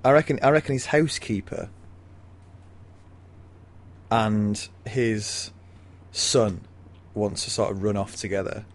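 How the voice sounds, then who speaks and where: Co-hosting a laid-back book chat on a mystery novel, a man wanders into bawdy stories and giggles along the way. He has a lowish voice and speaks slowly, pausing often.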